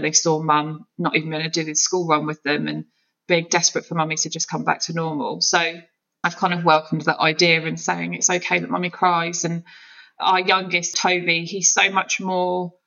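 Mother, low bright voice, lo-fi. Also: gravelly. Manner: open, emotional, searching. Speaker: podcast guest. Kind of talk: candid conversation.

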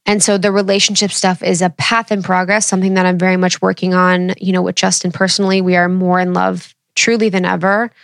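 A woman's voice: fairly low pitch, little pitch movement, brisk, vocal fry, hardly any pauses, no room sound, clean studio sound. A woman in her thirties chatting candidly with her viewers, casual and swearing freely. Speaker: vlogger.

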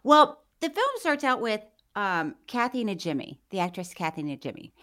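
A woman's voice: mid-range voice, normal speed. A woman co-hosting a podcast, telling stories in casual chat and laughing often. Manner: animated storytelling, laughs often. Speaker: podcast co-host.

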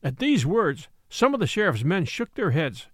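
Man, narrator, expressive storybook reading, lively pitch. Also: normal speed, dry recording, studio quality.

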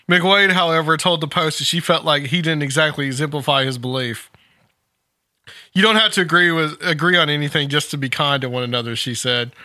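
A man with a bright, somewhat high voice reads a news article aloud with casual amusement, breaking into chuckles. The sound is close and dry, with no room around it. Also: no room sound. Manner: amused, laughs while reading. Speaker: podcast host.

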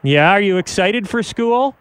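A man's voice: high voice, lively intonation, unhurried, background noise. A man in his thirties hosting a casual podcast as a father, tender and often laughing, a little choked up.

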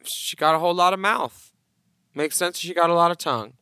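A sassy man trading bawdy quips on a podcast, his voice pitched fairly high with a bright edge. The sound is dry and close, with no room around it. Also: brisk, smooth, no echo. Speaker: podcast co-host. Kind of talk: casual chat.

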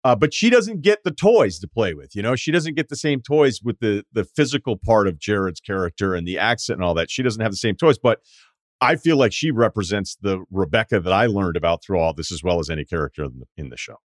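A man hosting a podcast interview, talking in a lively, animated casual way. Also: on the low side, a little fast, dry recording, clean studio sound. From Boston. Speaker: podcast host.

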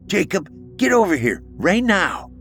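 A man voicing a fierce young girl who cries out in high, strained bursts. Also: big pitch swings, a little slow, a bit bright, faint music behind, heavily acted. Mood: furious. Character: fierce young girl, furious then sobbing.

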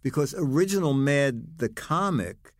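An older man, a guest in casual chat, telling lively anecdotes. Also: mid-range voice, unhurried, dry recording, studio quality. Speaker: guest, comedy writer.

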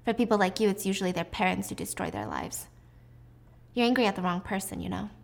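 A woman reading the lines of a haughty, wealthy mother near forty in a sharp, scornful way. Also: mid-range voice, fast, gravelly, natural voice.

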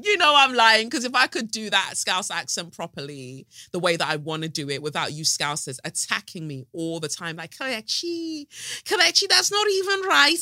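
A woman's voice: deep voice, pushed and bright, dry recording, studio quality. A woman hosting a podcast in a casual, playful monologue, swearing freely. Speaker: podcast host.

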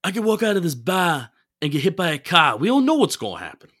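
A man doing an impression of an older male football executive, with a gravelly, husky voice that sounds like a mob boss. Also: on the high side, steady tone, warm tone, voice pushed up. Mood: mock-serious. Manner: slow, drawling mob-boss tone.

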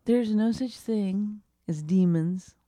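A woman's voice: mid-range voice, slow pace, warm tone, dry recording. A woman co-hosting a casual chat, blunt, profane and combative. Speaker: podcast co-host.

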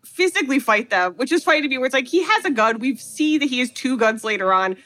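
A woman co-hosting a casual chat, recapping a film with animated storytelling and acted-out quotes. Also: sits high, fast. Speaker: podcast co-host recapping a film.

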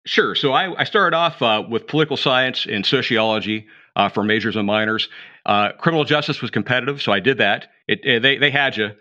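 A middle-aged man talks quickly, his voice bright and pressing forward, and his tales wander and restart as he goes. The sound is dry and a bit muffled, like a lo-fi podcast recording. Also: mid-range voice, dry recording. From Appalachian edge of Pennsylvania. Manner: rambling, self-correcting, animated storyteller. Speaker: podcast guest, retired drug agent. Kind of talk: casual storytelling interview.

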